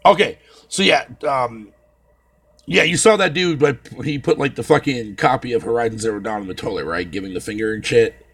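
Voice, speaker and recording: A man's voice: medium pitch, a little fast, creaky, fairly bright tone, slightly rough. A man ranting profanely on a casual live stream, talking to his viewers by name and swearing constantly.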